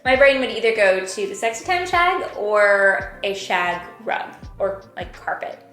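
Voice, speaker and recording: A woman's voice: medium pitch, big pitch swings, a little slow, fairly bright tone. A woman from the United States with an American accent, co-hosting a casual vlog in a playful, giggly way. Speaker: co-host. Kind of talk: casual chat. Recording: echoey room with faint music.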